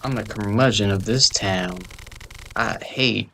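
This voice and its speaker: A man's voice: fairly low pitch, measured pace, vocal fry, bright, forceful tone, slight background noise. A man joking and rambling through casual gameplay commentary, often trailing off into mumbled asides. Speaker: gamer recording gameplay.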